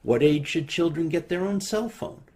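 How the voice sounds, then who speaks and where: Calm man reading writing prompts. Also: a little high, normal speed.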